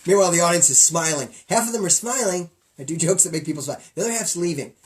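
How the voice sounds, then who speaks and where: A middle-aged man co-hosting a loose comedy podcast, rambling from joke to joke. His pitch leaps and dips all over as he jumps between loud bits and quiet mutters. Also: lively intonation, fast. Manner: jokey, rambling, swings between loud bits and low mumbles. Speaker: podcast co-host. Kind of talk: casual comedic chat.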